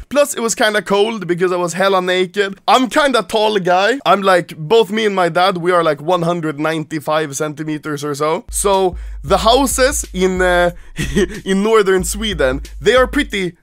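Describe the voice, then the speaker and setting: A man's voice: high-pitched, fairly bright tone, no room sound. A man casually telling a story to camera, laughing often and swearing freely.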